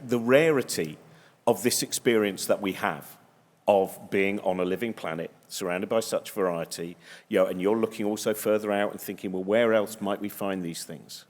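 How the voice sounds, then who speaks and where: Male host, lowish voice, thoughtful conversational questioner, live hall reverb. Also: darkish tone. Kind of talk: live panel show hosting.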